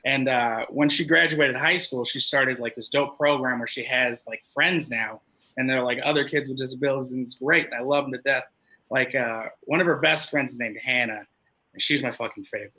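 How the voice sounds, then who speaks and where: Onstage at a comedy club, a man delivers a stand-up set of loose, profane stories, playing the people in them. His voice is medium-pitched, brisk and sharp, on a low-quality recording.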